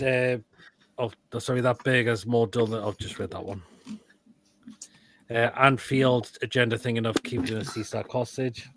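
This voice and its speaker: A man's voice: medium pitch, fairly even intonation, moderate pace, background noise. A man hosting a live football stream, reacting to food pictures and reading comments with crude, blunt quips. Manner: crude, blunt quips with sudden loud outbursts. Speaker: host of a live football show.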